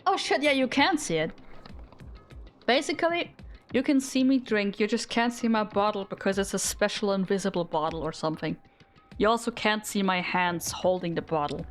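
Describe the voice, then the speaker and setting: A young woman streamer chats casually with her audience, giggling and rambling in a self-deprecating way. Her voice is mid-range at a normal speed, with soft music in the background.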